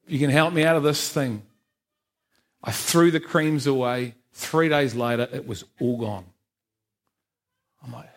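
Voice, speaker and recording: A man's voice: fairly high pitch, expressive, takes it slowly, pauses often. A man giving a personal church testimony, frank and self-mocking, often laughing at himself. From England. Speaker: testimony speaker.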